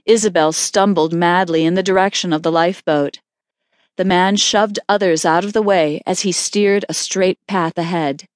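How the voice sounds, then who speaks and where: A woman narrating an audiobook in a measured storytelling voice. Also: on the low side, darkish tone, dry recording, clean studio sound. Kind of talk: scripted narration.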